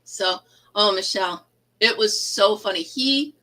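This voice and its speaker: Chatty bright-voiced woman, laughing often. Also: mid-range voice, unhurried, low-quality recording. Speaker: livestream host. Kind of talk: casual chat with live viewers.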